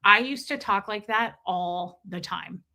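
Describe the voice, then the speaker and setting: A woman's voice: mid-range voice, a little slow, bright, forceful tone. A middle-aged woman hosting a casual livestream, talking emphatically, repeating herself and breaking off to greet viewers in chat. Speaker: livestream host reading chat.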